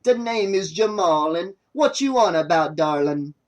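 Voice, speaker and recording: A man's voice: high voice, expressive, measured pace. A man reading an audiobook, voicing a stoned young cameraman with an overdone fake Jamaican accent who teases lazily. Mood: laid-back teasing. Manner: lazy, teasing, calls everyone darling. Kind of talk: audiobook character voice.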